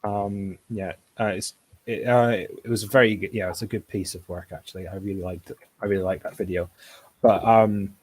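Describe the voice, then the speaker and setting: Husky, hesitant man in casual chat. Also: on the low side, fairly even intonation, moderate pace, darkish tone. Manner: hesitant, many restarts.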